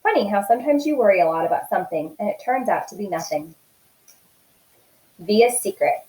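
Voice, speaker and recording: A woman teacher reading a novel aloud in an expressive, steady storytelling voice. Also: mid-range voice, a little fast, reverberant, poor audio.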